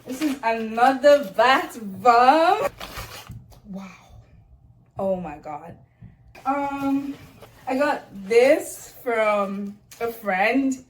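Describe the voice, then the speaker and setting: A woman's voice: fairly high pitch, animated, drawn-out words, long pauses. A young woman vlogger unboxing birthday gifts in casual chat, gushing and exclaiming often. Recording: roomy echo, distant mic, faint noise.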